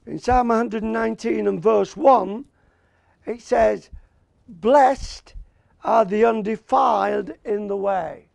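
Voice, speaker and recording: A man with an Australian accent preaching a sermon, slow and emphatic, repeating key words and asking for an amen. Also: high-pitched, vocal fry, darkish tone, dry recording.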